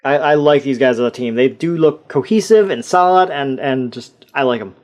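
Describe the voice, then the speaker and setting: A man's voice: mid-range voice, normal speed. A young man reviewing a toy in a casual, rambling way, self-deprecating and full of restarts.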